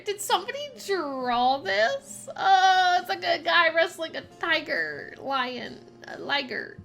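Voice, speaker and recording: A woman's voice: high voice, lively intonation, slow, a bit bright, faint music behind. A young woman streamer chatting casually while playing a mystery game, reading its text aloud and laughing often. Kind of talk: casual gameplay commentary. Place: home streaming setup.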